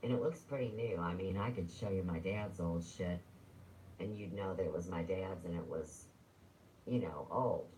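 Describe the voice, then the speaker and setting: A man's voice: sits low, normal speed, darkish tone, slight background noise, poor audio. A man ranting on a livestream, rambling, sarcastic and full of swearing.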